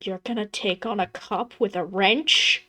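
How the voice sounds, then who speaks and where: A woman's voice: mid-range voice, steady tone, a little slow, bright, forceful tone. A woman playing a horror game, reading its text aloud and adding dry, wry asides. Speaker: game streamer.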